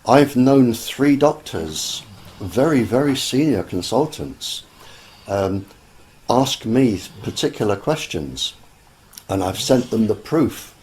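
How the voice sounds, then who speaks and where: A man, speaking as an interview guest in an earnest, deliberate way with many pauses and fillers. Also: on the low side, lively intonation, darkish tone. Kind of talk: slow conversational explanation.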